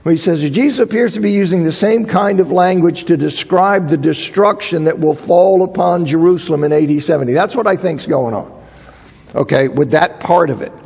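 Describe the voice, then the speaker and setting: A high-pitched man gives a Bible lecture with a gravelly, husky edge to his voice. He leans on repetition for emphasis, and his words ring with the long echo of a large hall. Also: normal speed, a little mellow. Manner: emphatic, repeats phrases for emphasis. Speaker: Bible teacher.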